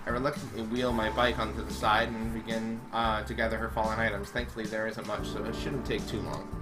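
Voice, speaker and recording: A man's voice: on the low side, little pitch movement, a little fast, loud music behind the voice. A man reading a visual novel aloud, dramatic and full of sarcastic asides. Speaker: game reader.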